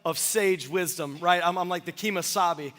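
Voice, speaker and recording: A man in his thirties preaching a sermon as pastor, energetic and joking with the congregation in a church sanctuary. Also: high-pitched, normal speed. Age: 30s. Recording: long church hall reverb.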